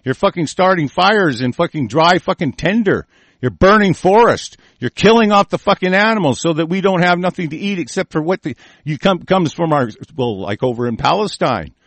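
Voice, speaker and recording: A man with a slightly high voice and lively intonation hosts a commentary show at a moderate pace, with no room sound in the recording. He reads news aloud, stumbling over the words while shouting, raging, and swearing heavily.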